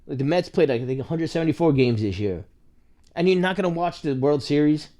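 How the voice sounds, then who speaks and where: This is a young man, co-hosting a relaxed sports podcast as an impatient fan. His voice sits a little high for a man. He rambles, loses his thread, and laughs easily. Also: fairly quick. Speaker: podcast co-host. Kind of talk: casual sports chat.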